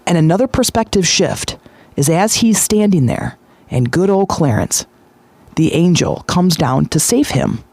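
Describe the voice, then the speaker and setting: Higher-voiced man retelling a story. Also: a little slow, gravelly, dry recording. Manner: lively retelling, chatty with frequent "like". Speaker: podcast host. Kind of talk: casual storytelling monologue.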